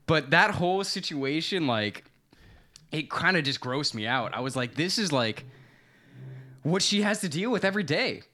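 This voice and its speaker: At a normal speed and fairly high pitch, another young podcast co-host recounts a story in casual chat. He's lively and curses without restraint.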